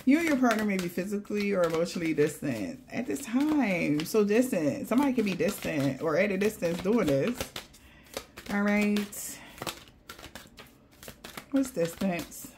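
A woman's voice: mid-range voice, lively intonation, normal speed, a little mellow, a little hiss or hum. A woman giving a casual tarot reading to viewers. She talks in loose slang, swears often and laughs between her asides. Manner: blunt and profane, loose slangy chatter. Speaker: tarot card reader.

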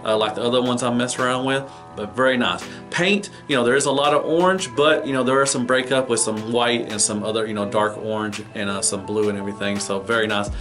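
A man talks through a toy review in a loose, rambling way, leaning on fillers as he goes. His voice sits at a middle pitch, and faint music plays underneath. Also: fairly even intonation, brisk, few pauses, a bit bright. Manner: rambling, full of "you know" fillers. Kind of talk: casual video review.

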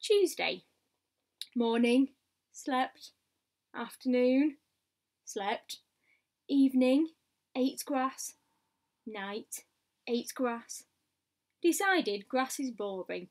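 A woman reading a picture book aloud, in a steady diary style with asides to the listener. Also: high-pitched, drawn-out words, long pauses. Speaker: storybook reader.

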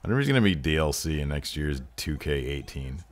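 Casting: low-voiced guy, mock announcer calling game wrestling, crude jokes. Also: big pitch swings, fast. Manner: jokey, profane, mock-announcer hype. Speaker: gameplay commentator. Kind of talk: mock wrestling play-by-play over gameplay.

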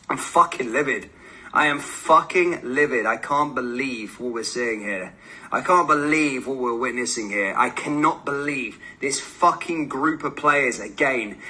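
A man's voice: medium pitch, takes it slowly, sharp tone, low-quality recording. A man giving an angry, sweary football fan reaction rant. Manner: furious, sweary ranting.

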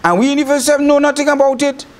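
Chatty Trinidadian midwives pleading, higher voice, quick, put on by a preacher. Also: female voice, steady tone, lightly acted. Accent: Trinidad and Tobago English. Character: excuse-making midwives, chatty women.

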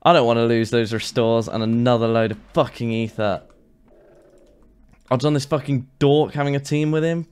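A man's voice: medium pitch, fairly even intonation, moderate pace, a little mellow, clear, resonant tone. A man giving casual gameplay commentary, swearing and ranting in exasperation. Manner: frustrated, swearing, exasperated rants. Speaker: gaming YouTuber.

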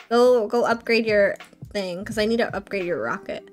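A woman's voice: medium pitch, moderate pace, soft background music. A woman giving casual let's-play commentary, chatting to viewers and playfully scolding her game characters. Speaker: gameplay streamer.

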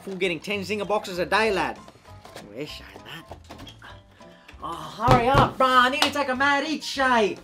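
A man's voice: sits high, expressive, normal speed, over music. A man playing a brash, crude young male eshay slacker at an office job, with a slangy Australian accent and a swaggering, mouthy delivery. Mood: cocky. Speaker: office worker. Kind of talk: comedy sketch acting.

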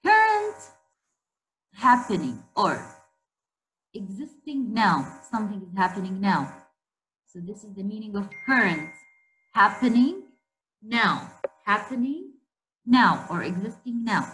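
A woman's voice: medium pitch, very animated, a bit bright, soft background music, low-quality recording. A woman teacher giving a spelling lesson to a class, repeating each word and stopping to ask the class questions. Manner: repeats words slowly and emphatically, asks class questions.

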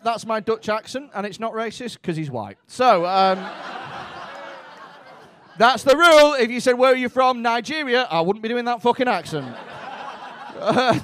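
A man's voice: high voice, animated, measured pace, long pauses, fairly bright tone, a little hiss or hum. A young man doing stand-up crowd work, brash and teasing, with plenty of swearing, on a comedy club stage. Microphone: handheld stage mic.

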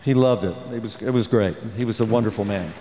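A man's voice: on the low side, quick pace, mellow, slight background noise. Older guy telling stories on a con panel, lots of uhs and restarts, big echoey hall. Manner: storytelling with many restarts and fillers. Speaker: actor on a convention panel. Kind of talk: anecdote on a convention panel. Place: large convention hall. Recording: echoey hall with long reverb.

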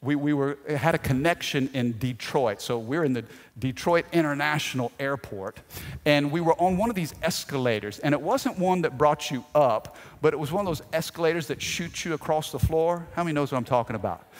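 Male pastor, sermon delivery, slightly high voice, big reverberant sanctuary sound. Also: fairly quick. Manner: animated storytelling, shouting out quoted lines. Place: church sanctuary. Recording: long hall reverb.

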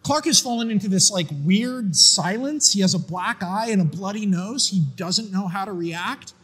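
A man casually pitching a story out loud, excitable and profane. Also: moderate pace, breathy edge, long reverb tail.

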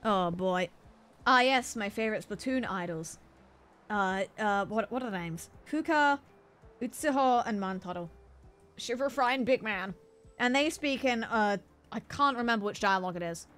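A woman's voice: mid-range voice, moderate pace, fairly bright tone, faint music behind. A woman streamer chatting casually over a game, playful and giggly as she sounds out Japanese words.

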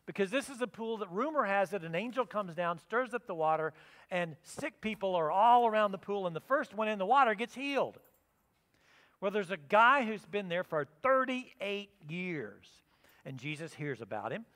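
A man preaching a sermon as pastor, telling the story with lively acted-out quotes. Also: high-pitched. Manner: animated storytelling, acting out quotes. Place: church sanctuary. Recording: long reverb of a church hall.

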